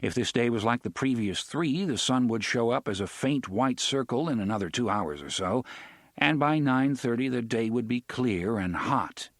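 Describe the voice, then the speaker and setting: A man reads an audiobook in a steady, measured way with a medium-pitched voice. The recording is clean studio sound with no echo.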